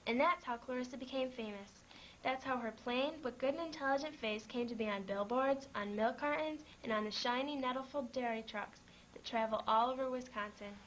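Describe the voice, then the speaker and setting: A woman with a slightly high voice gently reads a children's farm story aloud at a normal speed, lightly voicing the animal characters. Faint background noise lingers beneath her reading, and the recording quality is low.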